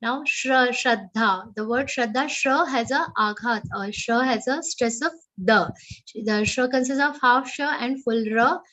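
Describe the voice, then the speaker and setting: High, bright woman teaching recitation. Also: low-quality recording. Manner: slow, careful chanting of verses, then explaining each sound. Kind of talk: online recitation class. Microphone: online call microphone.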